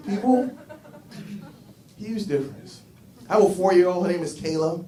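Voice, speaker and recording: A high-pitched man doing stand-up, telling his stories with lively energy and slipping into voices for the people in them. His voice comes from some distance off the mic, and the room carries a noticeable echo. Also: normal speed, some chatter behind. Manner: animated storytelling, voicing characters in his bits. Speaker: stand-up comedian. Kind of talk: stand-up comedy set. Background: audience laughter.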